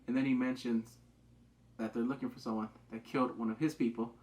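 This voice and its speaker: A man casually reviewing a TV episode, excitable, acting out quotes with big jumps in pitch and swearing loosely. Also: brisk. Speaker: TV show reviewer.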